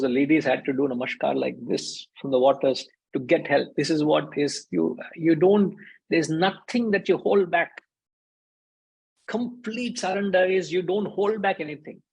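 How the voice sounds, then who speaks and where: A man's voice: sits high, vocal fry, a little mellow, husky, poor audio. A man giving a conversational spiritual discourse as a teacher, briefly acting out the voices in his stories. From India.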